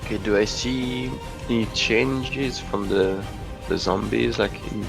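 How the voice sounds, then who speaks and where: A man with a lowish, gravelly voice plays a tabletop game. He asks hesitant questions and talks through his turn with pauses, with faint music behind him. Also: fairly even intonation. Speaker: player.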